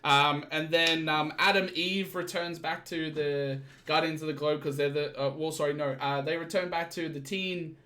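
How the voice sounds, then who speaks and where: A young man hosting a casual chat, recapping a show with stumbles and quick acted-out quotes. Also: fairly high pitch, steady tone, sharp tone. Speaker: podcast host.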